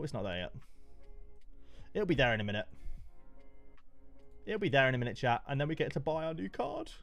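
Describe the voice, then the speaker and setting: A young man casually chatting to his live stream chat, excitable, going from mumbles to yelps. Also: medium pitch. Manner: excitable, swings between mumbling and yelping.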